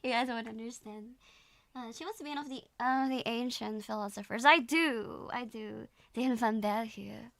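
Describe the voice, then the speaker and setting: A woman's voice: a little high, normal speed, vocal fry, a bit bright, no echo. A young woman from the Netherlands with a slight Dutch accent, chatting casually and giggly as a streamer reading comments. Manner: giggly, rambling, playful.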